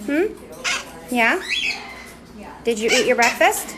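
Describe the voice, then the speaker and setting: A woman live-streams from an indoor parrot rescue on a phone held in her hand, explaining things to viewers and cooing to the birds in a high, sing-song baby voice. Her unhurried speech has lively intonation and sits over loud music, with loud parrot squawking and chatter behind her.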